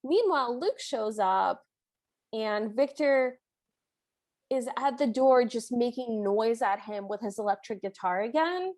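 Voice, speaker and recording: A woman with a somewhat high voice co-hosting a podcast, casually talking through a movie. She is chatty and agreeable, often backing up her co-host with quick affirmations as she narrates scenes. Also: animated, a little mellow. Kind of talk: casual movie recap chat.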